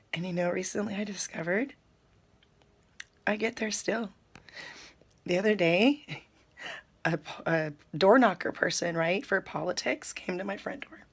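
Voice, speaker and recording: A woman, chatting to her viewers in an animated, storytelling way while sipping coffee. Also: medium pitch, unhurried, creaky, long pauses, breathy edge. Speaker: spiritual vlogger. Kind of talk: casual spiritual talk to viewers.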